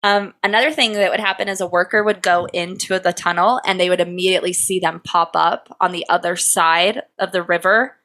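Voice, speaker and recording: Young woman cohosting a podcast, bright voice, joking around. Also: lowish voice, fairly even intonation, brisk, few pauses. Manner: laughs often, teasing. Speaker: podcast co-host. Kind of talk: casual podcast chat.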